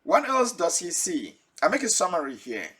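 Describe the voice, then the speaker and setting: A man's voice: sits high, wildly swooping pitch, moderate pace, fairly bright tone, breathy edge. A man preaching a Bible teaching sermon, asking his listeners direct questions and chuckling now and then.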